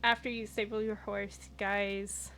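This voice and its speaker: Bright-voiced woman running a tabletop game. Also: mid-range voice, little pitch movement, soft background music. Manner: slow, patient scene-setting. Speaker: game master.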